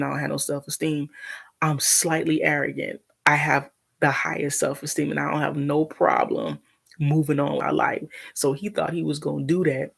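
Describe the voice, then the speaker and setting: A woman's voice: deep voice, creaky, husky. A woman venting bluntly and animatedly on a livestream, swearing freely. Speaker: live streamer.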